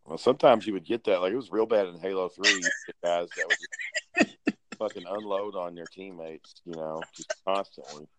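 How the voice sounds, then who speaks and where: Deep-voiced laid-back man. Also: moderate pace, fairly bright tone, slight background noise, poor audio. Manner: laid-back, swears freely. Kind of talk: casual gaming chat.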